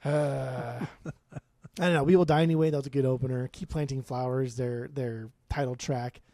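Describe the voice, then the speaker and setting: A man's voice: mid-range voice, fairly even intonation, brisk, warm tone, dry recording, studio quality. A man in his forties from Southern California, co-hosting a podcast with blunt, profane opinions. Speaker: podcast co-host. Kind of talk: casual podcast chat.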